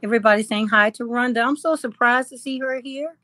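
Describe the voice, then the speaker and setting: A woman's voice: on the high side, fairly quick, bright, forceful tone, no echo. A woman hosting a casual live chat, reading comments aloud, teasing her viewers and laughing often. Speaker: livestream host.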